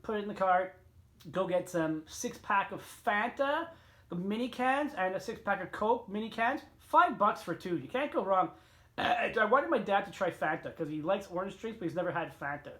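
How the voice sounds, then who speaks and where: A middle-aged man vlogging a casual, rambling story, swearing often, with sudden jumps in pitch and loudness. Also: expressive, moderate pace.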